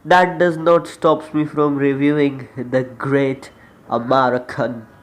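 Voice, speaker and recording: Speaking slowly in a flat, medium-pitched voice, a young man with an Indian accent and a slight cold rambles chattily as host of a casual wrestling review vlog, frequently letting sentences trail off.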